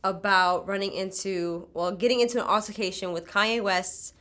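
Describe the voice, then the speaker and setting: Woman host interviewer, bright, laughing, eager questions. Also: mid-range voice, fairly even intonation, moderate pace.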